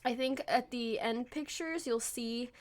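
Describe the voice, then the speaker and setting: A woman's voice: a little high, a little slow. A young woman talking over her game build footage, rambling and apologizing with a self-deprecating, laughing manner. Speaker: gaming video creator.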